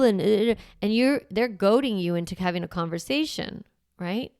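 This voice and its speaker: Hosting her parenting podcast, a woman coach teaches in a casual, reassuring, conversational way, often tagging on "right?". She sounds animated and a little mellow, with a medium pitch and normal speed. The studio-quality recording is dry.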